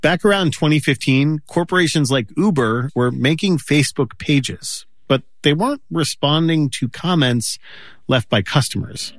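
A man reporter giving calm, explanatory scripted news narration. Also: a little high, normal speed, no room sound. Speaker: radio reporter.

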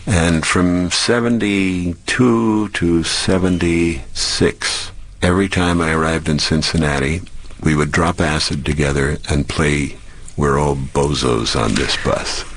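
A man, a former radio DJ, telling anecdotes in an interview in a relaxed way. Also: extremely low pitch, takes it slowly. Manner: relaxed storytelling.

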